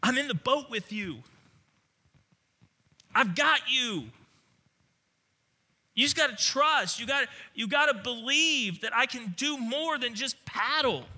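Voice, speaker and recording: A man's voice: very high voice, animated, takes it slowly, long pauses, pitched above the performer's own voice, full character voice. A male preacher voicing Jesus as a reassuring, powerful savior, speaking insistently in a sermon. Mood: fervent reassurance. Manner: fervent, insistent, rising to near shouting.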